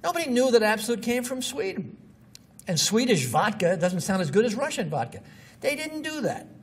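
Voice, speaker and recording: High-voiced man lecturing from afar. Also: animated, a little fast, slightly rough. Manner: blunt, scoffing asides. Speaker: marketing lecturer. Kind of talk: informal lecture with examples. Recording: distant mic with faint noise.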